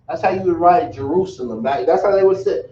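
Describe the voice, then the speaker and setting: A man's voice: a little high, fast, dark tone, roomy sound, dull audio, slight background noise. A man teaching a language class in a casual, repetitive way, calling his students y'all, recorded from a distant mic in a room.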